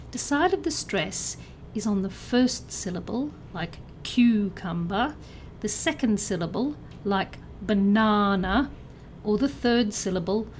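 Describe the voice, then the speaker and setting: A woman narrating a scripted pronunciation lesson, enunciating each example word clearly and carefully. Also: mid-range voice, a little mellow, slight background noise. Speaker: pronunciation teacher.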